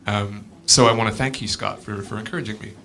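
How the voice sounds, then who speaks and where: Male speaker, heartfelt halting tribute, bright voice, faint background noise. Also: on the low side, steady tone, creaky. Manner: hesitant, heartfelt, with fillers. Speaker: musician giving a tribute. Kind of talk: spoken memorial tribute. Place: curling club hall.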